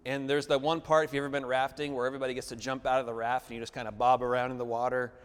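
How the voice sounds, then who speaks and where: A man's voice: medium pitch, little pitch movement, racing, clean tone. Man preaching in an echoing church. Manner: call-and-response, frequent "amen?" and "somebody say". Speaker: pastor. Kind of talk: sermon. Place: church building. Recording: long reverb of a church hall.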